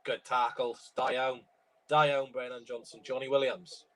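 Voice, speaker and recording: A man's voice: mid-range voice, little pitch movement, moderate pace. A young man from Wales with a tickly cough, doing live commentary and chatting while he watches a football stream at home. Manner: chatty, reacts loudly to chances, chants along to songs. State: tickly cough, sore throat. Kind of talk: live match commentary and chat.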